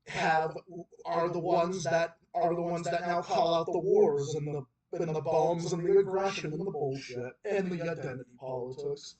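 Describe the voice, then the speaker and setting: A man's voice: fairly high pitch, darkish tone. A man with a Boston accent hosting a livestream and ranting heatedly about politics, repeating himself and restarting sentences. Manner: heated, repetitive, emphatic ranting with many restarts. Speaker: livestream host. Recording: roomy echo, far from the mic.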